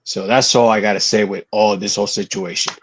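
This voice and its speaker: A man's voice: fairly low pitch, steady tone, husky. A man giving earnest, emphatic opinion commentary on a wrestling podcast, drawing out his words for weight. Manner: earnest, drawn-out emphatic delivery.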